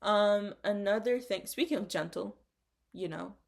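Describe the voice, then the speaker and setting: A woman's voice: medium pitch, measured pace, creaky. A young woman co-hosting a casual podcast chat, talking in an earnest, encouraging way. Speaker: podcast co-host.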